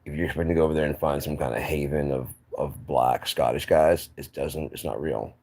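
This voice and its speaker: Very deep gravelly man ranting. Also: steady tone, a little fast, darkish tone. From United States. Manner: rambling, opinionated, restarts often. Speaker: channel host. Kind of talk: casual monologue to camera.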